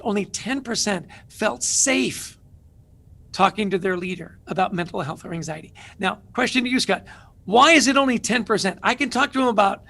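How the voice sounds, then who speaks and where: A man's voice: high voice, creaky, bright, forceful tone. A middle-aged man, an author and guest, telling stories energetically in an interview with emphatic rhetorical questions.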